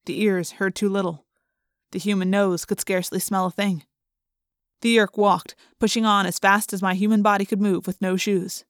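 Woman reading a story out loud, calm suspense, middle pitch, totally dry close mic. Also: moderate pace, dry recording. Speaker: audiobook narrator. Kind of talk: first-person audiobook narration.

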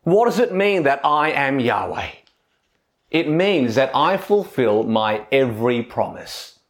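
A man preaching an expository sermon in an earnest, expressive way, often putting rhetorical questions to his listeners. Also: medium pitch, slow pace.

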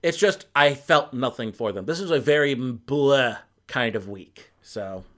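A man's voice: medium pitch, lively intonation, unhurried, fairly bright tone. Rambling, hesitant male film reviewer. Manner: rambling, hesitant, many restarts. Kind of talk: casual review chat.

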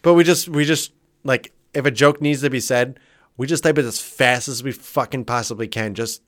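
A man's voice: mid-range voice, moderate pace. A young man co-hosting a podcast, chatting loosely with playful, profane banter. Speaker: podcast co-host. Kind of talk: casual chat.

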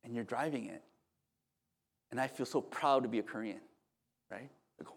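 A male pastor preaching a sermon in an animated, conversational storytelling manner with humorous asides. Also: medium pitch, a little fast, gravelly, long pauses.

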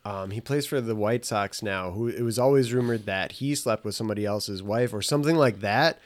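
A man's voice: lowish voice, brisk. A man co-hosting a casual chat, teasing and sarcastic in a dry way.

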